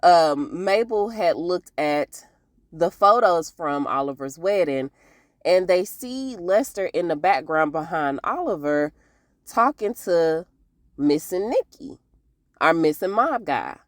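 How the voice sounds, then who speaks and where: Woman recap host, lively swinging pitch, dry close sound, chatty and expressive, laughs a lot. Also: takes it slowly, dry recording. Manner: chatty and expressive, laughs often, addresses viewers as y'all. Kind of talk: casual TV recap monologue.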